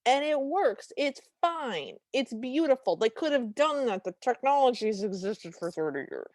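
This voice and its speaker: A woman's voice: a little high, sing-song, normal speed, darkish tone, no room sound. Podcast lady ranting about a movie, repeats stuff for emphasis, dry close mic. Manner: emphatic, indignant, repeats herself for effect. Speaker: podcast co-host. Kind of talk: casual chat.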